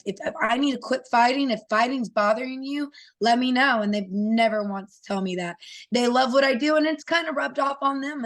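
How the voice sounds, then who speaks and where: A woman in her thirties speaks as a guest on an interview show, telling stories about her children in a loose, conversational way. She slips into quoted voices and back out again, animated, with a fair share of fillers. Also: medium pitch. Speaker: guest fighter. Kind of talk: casual interview storytelling.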